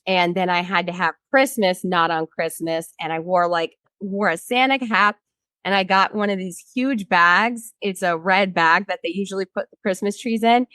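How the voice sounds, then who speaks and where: A woman's voice: medium pitch, normal speed, bright, forceful tone, dry recording. A woman in her thirties, a guest in an interview, telling a personal story bluntly and with frequent swearing, acting out what other people said.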